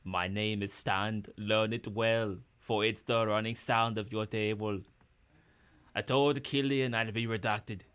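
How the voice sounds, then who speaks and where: A man doing a slow Austrian-accented action-star growl. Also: on the low side, steady tone, fairly bright tone, clear, resonant tone. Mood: mock-menacing. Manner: slow, heavy, deliberately bad impression. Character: gruff bodybuilder action-movie star impression, slow and deliberate.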